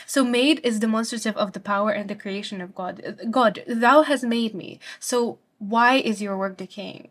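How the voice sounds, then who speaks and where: Young woman explaining a poem. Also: fairly high pitch. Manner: earnest, uses fillers like "like", slows down to read quoted verse. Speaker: literature study-guide presenter.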